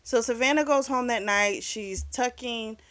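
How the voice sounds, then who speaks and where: A woman hosting a book club channel, casually retelling a novel's plot with fillers and quick little acted-out lines. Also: on the high side, a bit bright. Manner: chatty and informal, retells scenes by briefly acting out the characters' lines; mild swearing, frequent fillers.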